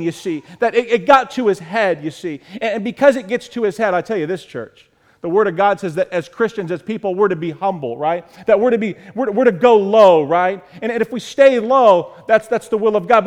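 A man's voice: sits high, long reverb tail. A man preaching a sermon to his congregation, repeating key lines and building emphasis. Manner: preaching with repetition and rising emphasis. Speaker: pastor.

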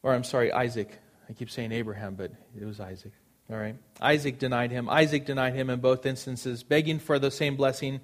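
A man's voice: medium pitch, steady tone, a little fast. A man preaching a sermon, earnest and emphatic, repeating phrases for stress.

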